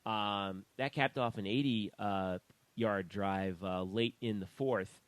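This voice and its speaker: A man co-hosting a sports talk podcast, reading out statistics in a slow, measured way. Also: on the low side, fairly even intonation, no echo. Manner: reads out stats in a slow, measured way. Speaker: podcast co-host.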